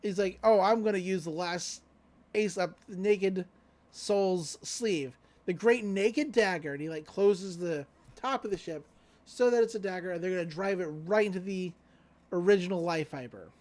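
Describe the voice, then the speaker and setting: A darkish, mid-range voice at a moderate pace recounts an anime episode on a podcast. The co-host keeps it casual and loose, leaning on fillers and tossing in paraphrased quotes.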